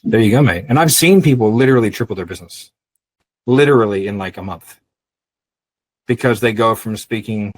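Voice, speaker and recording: A middle-aged man, a business owner, chatting casually on a podcast in a blunt, profane, animated storytelling way. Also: mid-range voice, no room sound, rough recording.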